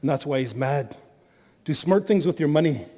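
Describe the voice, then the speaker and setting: A middle-aged man giving an animated storytelling talk as a spiritual leader at a conference, laughing at his own stories. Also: a little high, moderate pace. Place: conference hall. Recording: long hall reverb.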